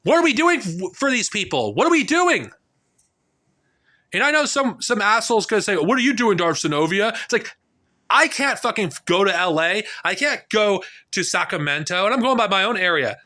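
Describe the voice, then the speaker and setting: A man's voice: high voice, sing-song, moderate pace, bright, forceful tone. A man in his thirties delivering an angry, profane political rant to a camera, talking heatedly and restarting his sentences often. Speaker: political vlogger. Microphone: camera mic.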